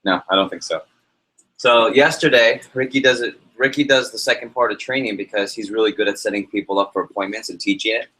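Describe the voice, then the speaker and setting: A man with a fairly low, brisk voice delivers an energetic live motivational sales workshop in a meeting room, recorded in low quality. He tells stories and keeps asking the audience questions.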